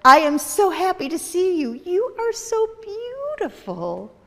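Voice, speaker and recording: A woman voicing an earnest, upset young girl in a high, pleading voice. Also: big pitch swings, unhurried. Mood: tender. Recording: echoey hall.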